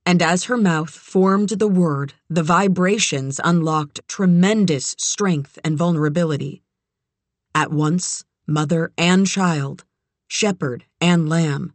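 An audiobook narrator reading a tense thriller passage in a measured, even storytelling voice. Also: mid-range voice, no room sound. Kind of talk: scripted narration.

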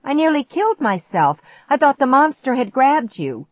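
A woman's voice: sits high, sing-song, moderate pace, dry recording, voice pushed up. A woman voicing a scared, desperate young girl who cries out and whispers urgently, in slightly dull lo-fi audio. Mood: angry.

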